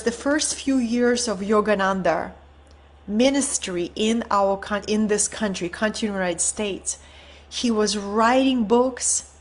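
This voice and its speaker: A woman hosting an online teaching event, telling an inspiring story in an earnest way and often checking in with her listeners. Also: fairly high pitch.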